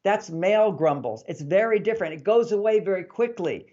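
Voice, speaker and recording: A man giving relationship advice as an interview guest, a lively storyteller who acts out the dialogue he quotes. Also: high voice, brisk, lo-fi sound.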